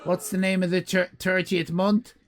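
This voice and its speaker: A man hosting a live stream, grading viewers' drawings in a mock-stern, theatrical way and often breaking into shouts. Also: sits high, little pitch movement, moderate pace, a faint crowd, a little hiss or hum. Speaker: livestream host.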